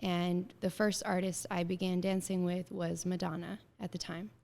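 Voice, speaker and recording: Woman with a gravelly vocal fry. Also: lowish voice, moderate pace. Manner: animated storyteller acting out quoted dialogue; frequent filler words. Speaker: guest. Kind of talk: casual interview conversation.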